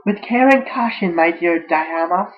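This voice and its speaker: A man's voice: high voice, unhurried, pitched above the performer's own voice. A man voicing a snooty young gray filly in a fan-fiction reading, haughty and drawn out, on a dull lo-fi home mic. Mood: scheming.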